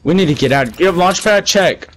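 A man's voice: high-pitched, expressive, moderate pace, fairly bright tone. A young man playing a shooter game, giving urgent, bossy callouts and shushing his teammates. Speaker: gamer. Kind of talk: live gameplay callouts.

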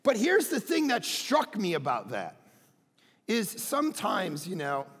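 A middle-aged man preaching a sermon as pastor, often breaking into shouts. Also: sits high, wildly swooping pitch, a little slow, husky, long reverb tail, soft background music.

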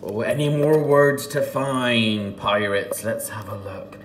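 A man teaching a children's phonics lesson from home, sounding out words slowly and playfully. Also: fairly low pitch, steady tone. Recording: faint dishwasher hum at home.

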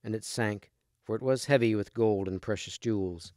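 A man reading a storybook aloud with steady, clear storytelling. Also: on the low side, normal speed, no echo, studio quality. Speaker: storybook reader.

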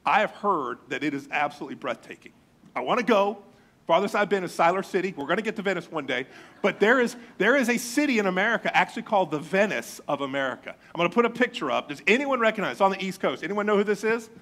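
A middle-aged man preaching in a church, his voice high-pitched and bright. He tells funny stories at his own expense, lively and animated, before landing his point. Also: quick pace. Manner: storytelling, self-mocking, animated. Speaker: pastor. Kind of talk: sermon.

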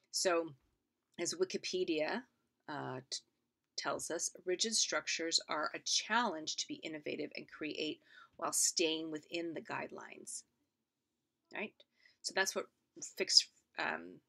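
A woman teacher giving a recorded lecture, explaining step by step and often checking in with "right?", sometimes dropping to a soft, airy voice. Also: low voice, creaky. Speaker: literature teacher.

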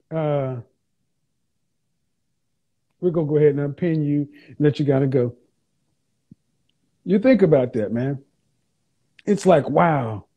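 High-voiced man mocking chat comments. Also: dark tone, dull audio. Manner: mocking, sarcastic, repeats his punchlines; reads viewer comments aloud and reacts. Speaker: livestream host. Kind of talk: casual livestream commentary.

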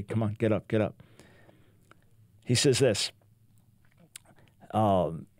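A man's voice: mid-range voice, darkish tone, no echo, studio quality. An older American man hosting a Christian talk show, preaching fervently and reading a testimony aloud with emphasis. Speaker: radio show host.

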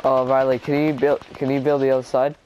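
A man's voice: medium pitch, little pitch movement, brisk, highs cut off, slight background noise. A young man chatting and laughing with a friend while playing an online game. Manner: laughing, teasing banter. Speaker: gamer recording his gameplay. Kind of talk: casual gaming chat.

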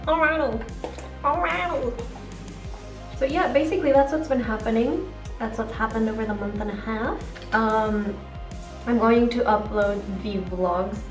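A woman's voice: on the high side, normal speed. A young adult woman vlogging chattily while doing her makeup, rambling with lots of fillers. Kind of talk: chatty get-ready-with-me vlog. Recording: roomy echo, distant mic, faint music.

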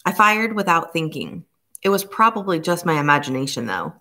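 A woman voicing a bald man who talks quickly and defensively. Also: fairly low pitch, sing-song, sharp tone, full character voice.

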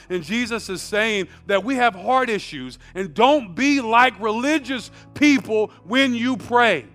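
High-voiced American pastor preaching a sermon. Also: male voice. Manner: swings from quiet conversational asides to loud shouted emphasis; repeats words and restarts phrases. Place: church sanctuary.

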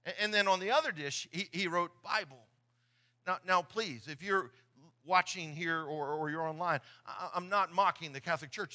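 A man's voice: sits high, pushed and bright. A middle-aged man preaching a sermon in church, earnest and often repeating his words as he talks. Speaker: pastor. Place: church sanctuary.

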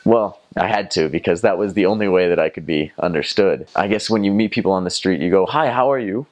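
A man's voice: deep voice, fast talker, darkish tone. A young man from North Carolina with a Southern American accent, telling stories in a casual, rambling way with many fillers and restarts. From North Carolina, USA. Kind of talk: casual storytelling.

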